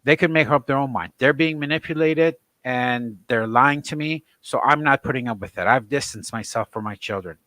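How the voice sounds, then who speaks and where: A man's voice: medium pitch, normal speed, hardly any pauses, fairly bright tone. A man speaking as a guest on a talk show, an emotional, indignant and defiant father. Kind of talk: impassioned talk-show testimony.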